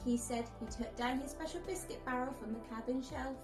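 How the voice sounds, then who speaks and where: A woman from a nursery reading a bedtime story aloud in a lively, expressive way. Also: high voice, a little fast, few pauses, music in the background. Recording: echoey room.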